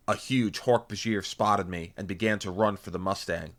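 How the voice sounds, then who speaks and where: A man narrating an action-packed novel in first person, intense and punchy, voicing loud sound effects. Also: lowish voice, fairly even intonation, normal speed. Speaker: audiobook reader.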